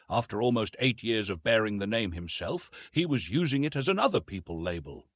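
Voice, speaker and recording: A man reading a science-fiction audiobook aloud in an expressive, storytelling way. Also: on the low side, normal speed, hardly any pauses, husky, dry recording, studio quality. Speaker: audiobook narrator. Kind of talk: scripted audiobook narration.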